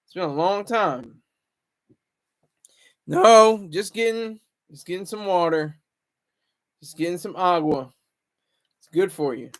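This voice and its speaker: A man's voice: high voice, takes it slowly, long pauses. A man hosting a casual livestream, rambling and chatting with viewers in the comments. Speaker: livestream host.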